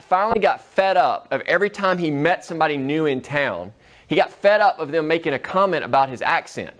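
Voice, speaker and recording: A man giving a classroom lecture in a conversational way, often checking in with his students. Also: a little high. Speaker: teacher.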